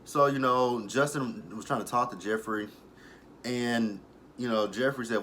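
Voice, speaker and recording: A young adult man giving a casual, profane recap of a TV episode. He tells it as an animated story and breaks into laughter often. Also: mid-range voice, measured pace, slight background noise. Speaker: TV episode reviewer.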